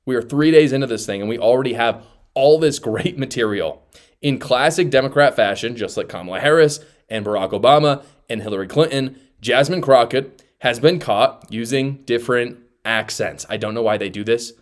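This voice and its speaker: A man's voice: mid-range voice, normal speed. Sarcastic male commentary host. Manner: sarcastic, emphatic, addresses viewers directly. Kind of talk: opinionated commentary.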